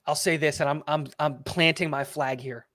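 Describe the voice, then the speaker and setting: Guy cohosting a sports chat, kinda high voice, excited, trips over his words, dead dry sound. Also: dry recording. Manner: excited, rapid, repeats words as he restarts. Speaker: co-host.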